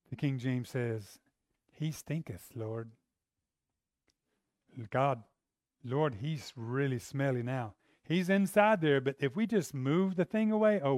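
A man preaching a sermon, emphatic and conversational, swinging from loud to hushed and acting out scenes. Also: mid-range voice, no echo, clean studio sound.

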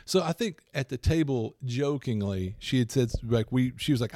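A man co-hosting a casual chat, rambling through tabletop gaming stories with animated retellings. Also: medium pitch, brisk, creaky, few pauses, no room sound, clean studio sound. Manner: rambling, animated storytelling with laughs. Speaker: podcast co-host and game master.

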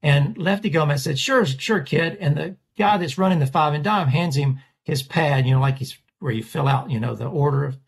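Guest artist, male storyteller, husky and gravelly, animated retelling. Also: fairly high pitch, a little fast, hardly any pauses. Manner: animated storyteller, acts out quoted voices. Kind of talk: storytelling in a podcast interview.

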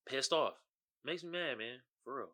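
Animated slangy male podcast host. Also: mid-range voice, normal speed. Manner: slangy, animated, frequent "you feel me". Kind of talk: casual commentary.

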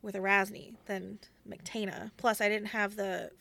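A woman's voice: mid-range voice, little pitch movement, measured pace, gravelly, bright, forceful tone, dry recording. A woman guest on a podcast, chatting casually and acting out quoted exchanges as she tells stories. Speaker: guest voice actor.

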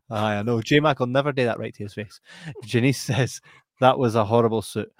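A Scottish man hosting a podcast, lively and quick to laugh as he reads viewer comments aloud. His voice sits at an ordinary middle pitch. The sound is dry and close, with no room around it. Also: no echo. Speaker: podcast host. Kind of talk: casual chat.

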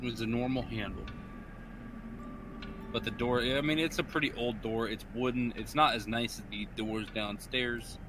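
A man narrating a tabletop role-playing game as game master, describing scenes in a halting way with fillers. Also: mid-range voice, steady tone, noisy background.

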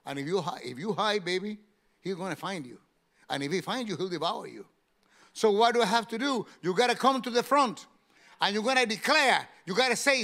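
A male pastor preaching a sermon in an emphatic way, rising to loud exclamations. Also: high voice, animated, brisk.

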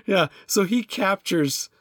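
Rambling middle-aged man, fairly high voice. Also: fairly bright tone, no room sound, clean studio sound. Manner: rambling, hesitant, many restarts and fillers. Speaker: podcast co-host. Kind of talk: casual chat.

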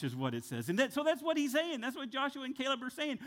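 High-voiced preacher swinging loud to hushed. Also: male voice, huge pitch swings, fast, hardly any pauses. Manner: dramatic, acts out quotes with big swings from loud to hushed. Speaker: pastor. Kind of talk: sermon.

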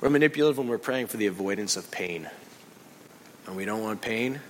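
A male pastor preaching a sermon in an animated way, acting out other people's voices and reactions. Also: fairly low pitch, fairly quick, slight background noise, low-quality recording.

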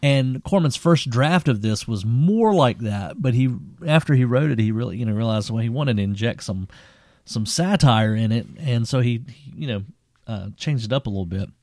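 A man's voice: medium pitch, normal speed, dry recording, clean studio sound. Rambling man chatting about films. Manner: rambling, animated, laughing often. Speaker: podcast co-host. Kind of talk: casual film discussion.

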